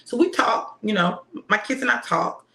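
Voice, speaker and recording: A woman's voice: a little high, normal speed, creaky, bright, forceful tone. A middle-aged woman who preaches, telling a family story in a casual, heartfelt way and laughing often. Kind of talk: casual motivational talk. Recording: roomy echo.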